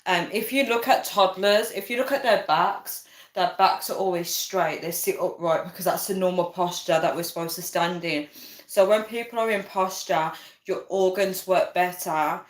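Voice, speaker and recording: In an echoey room, a young woman with a fairly low voice hosts a laid-back live chat at a moderate pace, giggling as she reads comments from viewers aloud.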